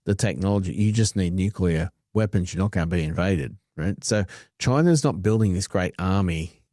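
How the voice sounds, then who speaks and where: A man co-hosting a podcast, with a very low, mellow voice. He is blunt and opinionated, and he curses casually. The sound is close and dry, with no room around it. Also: moderate pace, dry recording. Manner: blunt, opinionated, swears freely. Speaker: podcast co-host.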